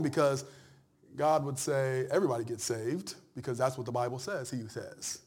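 A man preaching a sermon, swinging between loud, drawn-out cries and hushed whispers. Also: mid-range voice, breathy edge.

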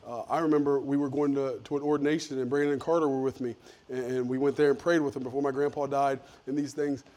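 A middle-aged man, a pastor preaching a sermon, telling stories in a folksy way with lively swings in loudness. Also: medium pitch, fast talker.

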